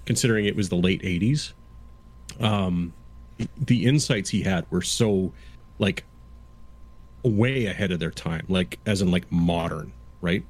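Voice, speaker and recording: Halting man in his fifties. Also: low voice. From Canada. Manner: halting, explanatory, lecturing with frequent restarts. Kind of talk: casual chat.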